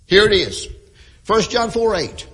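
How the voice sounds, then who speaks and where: A man preaching a sermon in a church, emphatic, repeating key phrases and often clearing his throat. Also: sits high, sing-song, unhurried, a bit bright. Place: church with a sound crew. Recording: long hall reverb.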